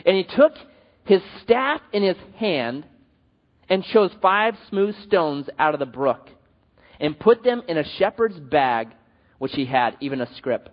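Animated, high-voiced male preacher. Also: a little slow. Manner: animated, joking storyteller. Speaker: pastor. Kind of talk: sermon. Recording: dull sound, long hall reverb.

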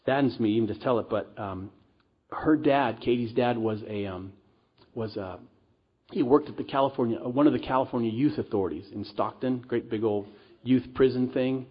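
A man's voice: mid-range voice, normal speed, slightly rough. A middle-aged man preaching a sermon as pastor at a church service, earnest and conversational with casual asides. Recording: dull lo-fi recording.

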